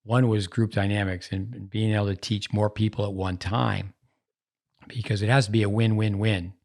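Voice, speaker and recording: A man's voice: fairly low pitch, flat delivery, normal speed, gravelly, a little mellow. A man hosting a podcast, chatting casually and drifting from one story to the next as he goes. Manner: rambling, digressive storytelling. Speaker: podcast host. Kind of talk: casual conversation.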